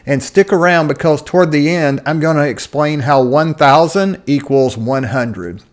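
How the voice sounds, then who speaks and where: Man teaching faith and money plainly. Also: normal speed. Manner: conversational, acts out quoted voices with rising pitch; occasional restarts and searching for words. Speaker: Christian finance teacher. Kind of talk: casual solo teaching talk.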